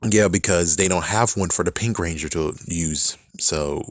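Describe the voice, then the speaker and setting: Young male reviewer, lower pitch, excitable and profane, dry close-mic sound. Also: a little slow, no room sound. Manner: animated, swears a lot, laughs often. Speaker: show reviewer. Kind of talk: casual episode review commentary.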